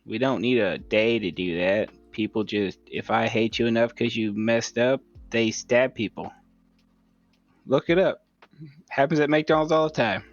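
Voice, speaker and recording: A man's voice: medium pitch, measured pace, dry recording. Wry, rambling male co-host on a dull lo-fi track. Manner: wry, rambling, swears mildly. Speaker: podcast co-host. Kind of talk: casual chat. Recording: slightly dull lo-fi sound with faint music.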